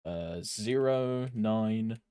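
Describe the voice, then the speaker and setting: A man's voice: fairly low pitch, extremely slow, mellow, smooth, no room sound, clean studio sound. A young British man streaming a game, chatting loosely with viewers, rambling and swearing casually. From Britain. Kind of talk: casual live-stream chat.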